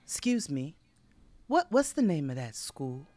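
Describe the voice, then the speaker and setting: A man's voice: on the high side, very animated, unhurried, darkish tone, no room sound. A man voicing Annie, a poor but earnest young woman, asking polite and eager questions in a raised, changed voice.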